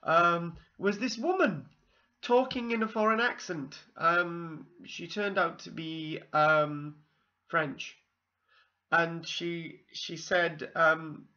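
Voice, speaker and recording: A man's voice: a little high, slow, sharp tone, lo-fi sound. A man from South Wales with a Welsh accent, telling a meandering personal story full of ums and asides. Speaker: vlogger. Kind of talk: rambling personal anecdote.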